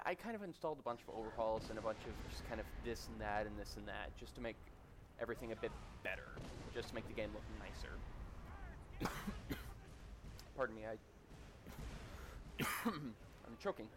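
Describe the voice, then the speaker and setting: A man with a fairly low voice talks loosely over a game he is playing. He rambles from point to point in an easy, chatty way and picks at small details. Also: huge pitch swings, a little fast, very noisy. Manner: rambling, self-described nitpicky, chatty asides. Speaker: gaming commentator. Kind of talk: casual gameplay commentary.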